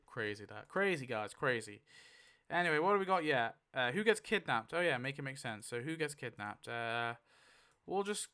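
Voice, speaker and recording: Excitable man host, casual chat, laughs a lot, swears, bright clear voice. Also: medium pitch. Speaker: YouTube host.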